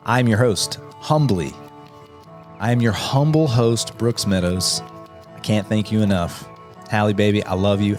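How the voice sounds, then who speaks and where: A man in his thirties, hosting a comedy show and closing it in a sincere, earnest way with joking asides. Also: lowish voice. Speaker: host. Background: soft outro music.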